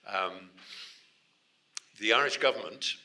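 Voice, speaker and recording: An Englishman giving an animated, digressive talk to a university society audience, often restarting his sentences. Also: lowish voice, slow. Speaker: guest speaker.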